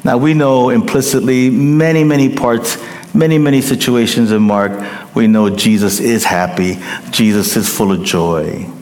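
A man preaches as a pastor at a moderate pace, his medium-pitched voice fairly even in intonation. He is emphatic, climbing to loud peaks and falling to hushed endings, and often checks in with the congregation, all within long hall reverb.

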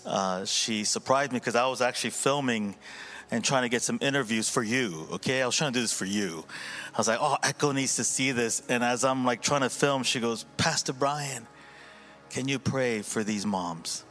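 Earnest halting male pastor. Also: medium pitch, a bit bright, soft background music. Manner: halting, full of fillers and restarts, earnest. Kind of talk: sermon reflection before communion.

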